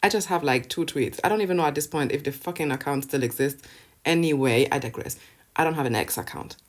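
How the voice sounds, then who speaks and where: Woman, vlogger, sarcastic rant, profane, laughing between points, low-ish pitch. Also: fast. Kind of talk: casual ranting commentary to camera.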